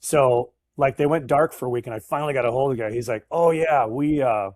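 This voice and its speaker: A man's voice: mid-range voice, quick pace, dry recording. A middle-aged man, a sales professional, telling stories from his career in a casual interview and acting out the people he quotes. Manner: animated storyteller, acts out quoted voices.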